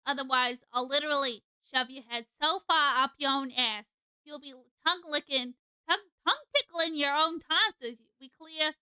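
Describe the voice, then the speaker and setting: A woman voicing a foul-mouthed, bossy adult woman coworker with a loud, brash, threatening delivery, reading a visual novel aloud. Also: high voice, moderate pace, no room sound. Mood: brash scolding. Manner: loud, profane, bossy tirades with a faintly East Coast lilt.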